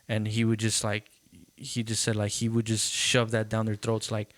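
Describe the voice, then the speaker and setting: Guy hosting a podcast, animated storyteller, does little voices for quotes, dry close sound. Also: fairly low pitch, moderate pace, no echo. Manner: animated storytelling, acts out quotes, swears freely. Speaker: podcast host. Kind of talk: casual chat.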